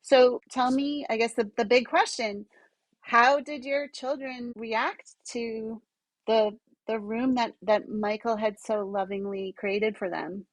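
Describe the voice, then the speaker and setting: A woman's voice: fairly high pitch, steady tone, slow pace, no room sound, low-quality recording. Sex: woman. Role: supportive podcast interviewer. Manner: supportive, summarizing. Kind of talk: interview questions.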